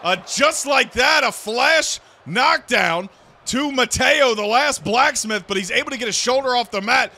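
A man calling wrestling action play by play, loudly and excitedly. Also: very high-pitched, a little slow. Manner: loud, shouting calls of the action. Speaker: play-by-play commentator. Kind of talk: excited wrestling game commentary.

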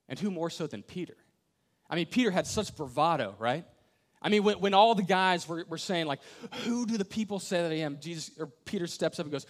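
A man's voice: fairly high pitch, fairly quick. A young adult man preaching a sermon, acting out quoted voices and dropping to near whispers. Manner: animated storyteller, acts out quoted voices, drops to near whisper. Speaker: pastor.

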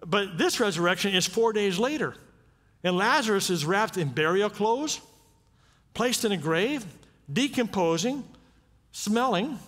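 Lively, high-voiced male preacher in a church. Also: measured pace, long pauses. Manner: conversational preaching with frequent rhetorical questions. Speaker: pastor. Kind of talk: sermon. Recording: long reverb of a church sanctuary.

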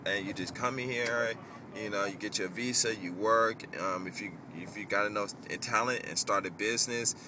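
A man's voice: lowish voice, moderate pace, noisy background. A man ranting casually in a vlog, rambling and cursing as he tells stories. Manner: profane, rambling, animated storytelling. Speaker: vlogger. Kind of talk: casual rant.

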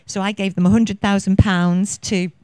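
50s woman giving a conference talk, gushing and chatty, smooth clear voice, dry sound. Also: mid-range voice, flat delivery, normal speed, a little mellow, no echo. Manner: effusive and passionate, rambling with many fillers. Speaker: conference speaker. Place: conference venue.

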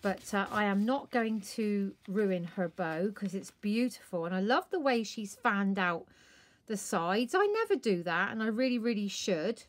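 A woman's voice: medium pitch, lively intonation, a little slow. A woman vlogger chatting casually to camera about a craft parcel, gushing and exclaiming with delight.

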